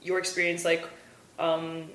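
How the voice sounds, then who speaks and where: Lower-voiced woman host in a roomy space. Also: completely flat delivery, unhurried, a bit bright, a little hiss or hum. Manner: friendly questioner, many filler "like"s. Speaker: podcast host. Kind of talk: casual interview chat. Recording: roomy echo.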